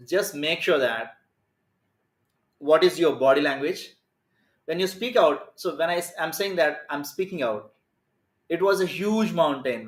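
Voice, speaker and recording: A man, a communication skills coach teaching a live lesson in an energetic, emphatic way. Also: on the high side, echoey room. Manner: energetic, emphatic, plays with stress and pace.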